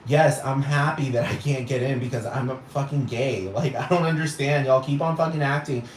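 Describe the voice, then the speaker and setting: A man's voice: mid-range voice, fairly even intonation, moderate pace, hardly any pauses. A man ranting on a vlog, exasperated and profane, piling up rhetorical questions. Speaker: vlogger. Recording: roomy echo with faint noise.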